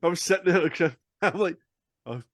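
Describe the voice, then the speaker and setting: A man, telling a lively, self-deprecating story on a casual podcast. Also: medium pitch, moderate pace, no echo, clean studio sound. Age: 40s. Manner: animated, self-deprecating, frequent restarts and laughter. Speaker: podcast co-host.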